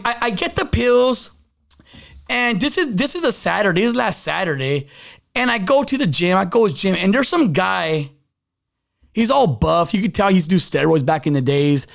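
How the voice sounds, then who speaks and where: A man's voice: high voice, sing-song, moderate pace, vocal fry. A man hosting a podcast, telling a story in rambling casual chat and filling it with "like" and "bro". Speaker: podcast host.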